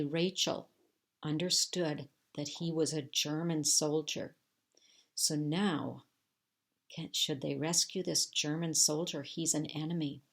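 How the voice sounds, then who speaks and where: Woman, teacher, low voice, reading a chapter book aloud to children, steady, measured.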